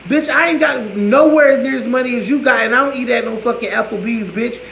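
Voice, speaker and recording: A man's voice: very high-pitched, fairly quick, vocal fry, fairly bright tone, a little hiss or hum. A man ranting to camera in a profane, sassy, scolding way, in an echoey room. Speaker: vlogger.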